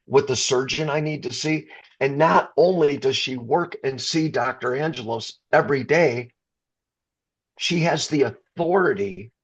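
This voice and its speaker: A man's voice: medium pitch, breathy edge. A middle-aged man from the Chicago area, a rock singer, telling an emotional story in an interview, stumbling and restarting and getting choked up. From Chicago area, USA.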